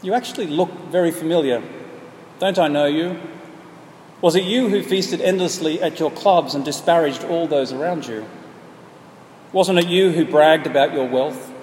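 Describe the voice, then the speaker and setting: A man voicing a calm, kindly gardener who speaks gently but firmly. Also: a little high, normal speed, long pauses, lightly acted. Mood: gentle. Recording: echoey hall, faint background noise.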